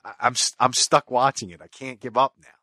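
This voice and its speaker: A man in relaxed podcast banter, his tone bright and forward, the room dry and close. He rambles through stories, swearing freely and breaking off mid-thought to start again. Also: mid-range voice, fairly quick, no room sound. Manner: rambling, profane, trails off and restarts. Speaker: podcast co-host. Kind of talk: casual chat.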